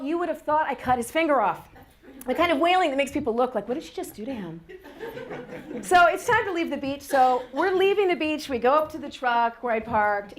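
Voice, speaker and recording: A middle-aged woman tells a story about her child with wry humor. Her voice sits high and moves all over. She laughs easily as she talks. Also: fairly bright tone. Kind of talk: personal storytelling monologue.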